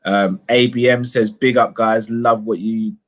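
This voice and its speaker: A man's voice: fairly low pitch, fairly even intonation, measured pace. A man hosting a casual live-stream chat, reading out viewer comments and steering the talk with pointed questions. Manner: leads discussion with probing questions.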